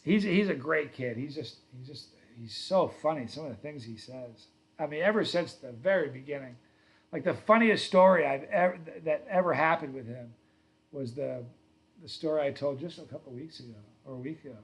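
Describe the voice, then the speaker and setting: Middle-aged male stream host, a bit higher-pitched, loose rambling storyteller who chats with viewers. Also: a little fast. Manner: rambling, reads viewer comments aloud; storytelling, self-correcting. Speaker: livestream host. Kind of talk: casual livestream chat.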